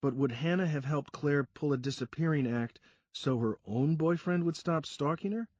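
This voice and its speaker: A man reading a first-person crime story aloud in a steady storytelling delivery. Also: a little high, normal speed, dry recording, muffled recording. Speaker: audiobook narrator. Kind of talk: first-person scripted narration.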